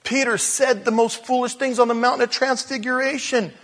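Guy preaching in a loose chatty way, high voice, kinda husky, acts out the quotes. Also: steady tone, a little fast, fairly bright tone. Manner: informal storytelling with asides and acted-out quotes. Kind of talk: conversational sermon.

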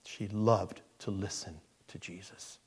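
A man preaching a sermon. He is animated, swings from loud emphasis to hushed asides, and acts out the people he quotes. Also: lowish voice, takes it slowly, slightly rough. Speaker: pastor.

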